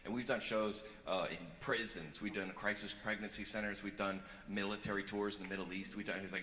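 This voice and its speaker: A man performing a stand-up comedy set live on stage, moving between quiet earnest confession and loud joking banter with the crowd. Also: fairly low pitch, steady tone, a little fast, hardly any pauses, a little hiss or hum. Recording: echoey venue with loud audience ambience.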